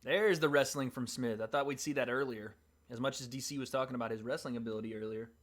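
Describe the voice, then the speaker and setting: A man hosting a livestream, reacting live to a fight with casual, excited play-by-play. He calls the action in an everyday way and breaks into sudden cheers at big moments. His voice sits at a medium pitch. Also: fast talker. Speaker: livestream host.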